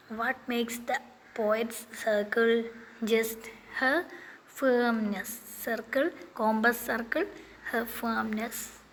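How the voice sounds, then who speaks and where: Slow-talking woman teaching a poem. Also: fairly high pitch. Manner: asks questions then answers them, halting restarts. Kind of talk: quiz-style poetry lesson. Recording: faint background noise.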